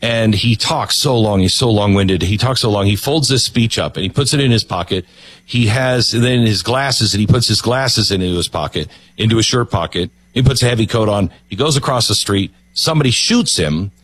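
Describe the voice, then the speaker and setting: A man hosting a show, chatting and telling a story in a lively way. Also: fairly low pitch, normal speed, dry recording. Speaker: host. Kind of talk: casual chat.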